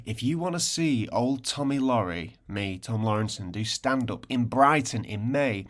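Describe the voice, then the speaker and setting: A man's voice: medium pitch, animated, a bit bright. A man co-hosting a podcast, chatting casually in a jokey, playful way. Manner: jokey, playful, quick to laugh. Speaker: podcast co-host. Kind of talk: casual comedic chat.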